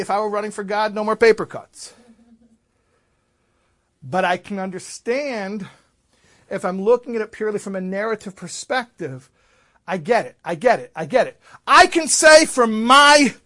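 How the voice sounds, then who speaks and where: A man, a rabbi, telling a story in a sermon, swinging from loud emphasis to hushed asides. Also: high voice.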